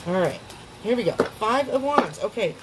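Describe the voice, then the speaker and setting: A woman's voice: mid-range voice, animated, moderate pace. Tarot reader, woman, casual and emotional delivery, frequent laughs and restarts, faint background noise. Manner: chatty, emotional, laughs often, restarts sentences.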